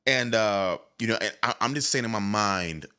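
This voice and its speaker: A young man recounts an awkward episode from his past in casual comic storytelling. His voice has a bright, forward edge, and he talks candidly and with animation, often doubling back on his words mid-sentence. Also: fairly low pitch, normal speed. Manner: candid, animated, with stammered restarts.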